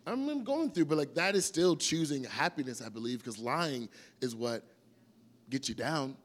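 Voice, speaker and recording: A man's voice: mid-range voice, normal speed. A young man preaching a casual sermon as youth pastor, acting out little scenes with funny voices.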